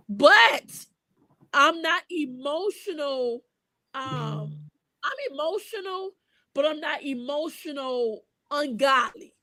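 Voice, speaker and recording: High-voiced woman, lively faith-show host. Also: no room sound. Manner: animated, repeats words, folksy. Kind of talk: casual faith talk.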